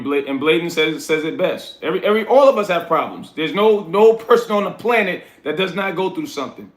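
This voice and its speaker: A man's voice: on the high side, lively intonation, brisk, few pauses, reverberant. A man with a New York accent hosting a casual livestream, reading viewers' comments aloud and coaching them bluntly. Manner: reads chat aloud, coaching and scolding viewers. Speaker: livestream host.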